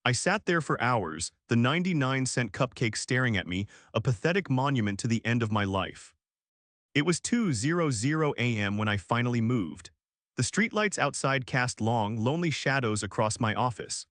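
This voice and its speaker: Brief: male story narrator, mid-pitched, steady delivery, dry close sound. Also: moderate pace, no room sound. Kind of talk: first-person story narration.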